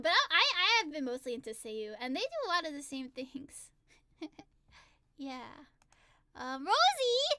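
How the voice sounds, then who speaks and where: A young woman chatting on a livestream, excitable and giggly, gushing about songwriting. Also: high-pitched, dry recording, studio quality. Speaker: singer-songwriter streamer. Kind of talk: casual livestream chat.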